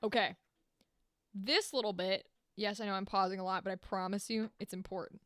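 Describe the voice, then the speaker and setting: Animated, swearing young woman podcaster. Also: mid-range voice, brisk, no echo, clean studio sound. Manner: animated, swears freely, playful. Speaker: podcast host. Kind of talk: casual comedic explainer.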